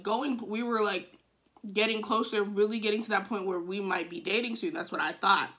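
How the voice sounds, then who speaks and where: A woman in her twenties tells a story to her camera in a bright, forceful voice. She is frank and profane and acts out both sides of the argument. Now and then she breaks into exaggerated wailing. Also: mid-range voice. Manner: dramatic, animated retelling with sudden wailing outbursts. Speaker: vlogger. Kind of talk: casual storytime.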